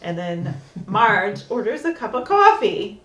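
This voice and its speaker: A woman co-hosts a casual podcast episode review and laughs easily as she talks. Her voice is mid-pitched. She sits a little away from the mic in an echoey room. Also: sing-song, unhurried, a bit bright, recorded from a distance. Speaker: podcast co-host.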